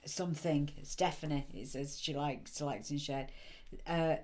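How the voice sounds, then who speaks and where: A woman with a British accent hosting a psychic live stream, chatty and assertive, reading cards for viewers by name. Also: deep voice. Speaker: psychic medium host.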